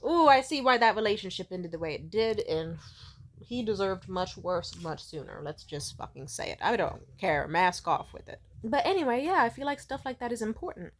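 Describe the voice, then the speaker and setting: A young woman talks straight to her viewers in a loose, profane, animated way, telling stories and acting out what other people said. Her voice sits at a middle pitch for a woman. Her delivery is expressive and unfiltered. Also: normal speed. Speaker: vlogger. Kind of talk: casual storytelling.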